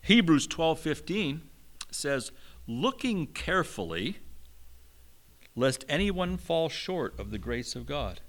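A middle-aged man preaching a sermon, slow and emphatic, with a touch of humor. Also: creaky. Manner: slow, emphatic preaching with lively pitch swings. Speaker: pastor.

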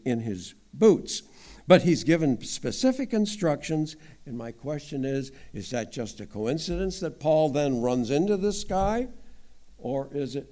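A man's voice: medium pitch, dark tone. A man teaching the Bible as a layman, talking in a conversational way with wry asides. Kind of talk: informal Bible teaching talk.

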